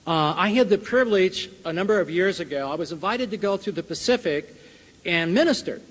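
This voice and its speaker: An older man with a notably high voice tells a personal story to a church audience. He chuckles often and acts out the scenes as he goes. His voice rings with the long reverb of a large hall. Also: expressive, a little fast. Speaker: Bible college teacher and speaker.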